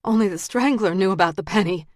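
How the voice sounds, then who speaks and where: A woman reading the lines of a frightened young woman held at gunpoint, pitched up and pleading. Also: fast, no room sound, studio quality, natural voice. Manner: high, pleading, frantic. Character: terrified young woman facing her captor.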